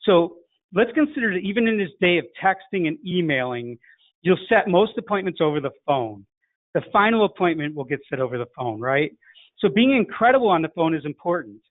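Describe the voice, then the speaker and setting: Acting out phone greetings, a middle-aged man from Chicago coaches directly through a sales lesson in his local accent. His voice is high with big pitch swings and a slightly fast pace, and the dry recording sounds tinny and phone-like.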